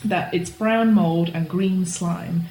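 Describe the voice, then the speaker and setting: A woman's voice: on the low side, fairly even intonation, slow pace, warm tone, roomy sound, slight background noise, rough recording. A woman narrating a tabletop game as game master, easygoing and laughing often.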